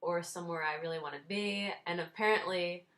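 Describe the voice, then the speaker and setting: Wry young woman vlogger, low voice. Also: steady tone, fairly quick, fairly bright tone. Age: 20s. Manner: wry, self-deprecating, laughs while telling. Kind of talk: casual storytelling vlog.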